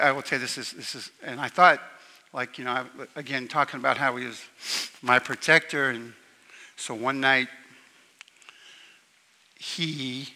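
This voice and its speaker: A man giving a eulogy for his brother at a memorial service, telling personal stories in a halting way with many fillers and restarts. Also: medium pitch, bright, forceful tone. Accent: Southern US slip. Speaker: eulogist, younger brother of the deceased. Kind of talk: memorial speech with personal anecdotes. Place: church hall at a memorial service. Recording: long reverb from a large hall.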